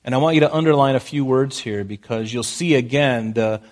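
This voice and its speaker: A man's voice: medium pitch, brisk. A man preaching a sermon in a conversational way, often restarting his sentences and repeating phrases. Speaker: pastor.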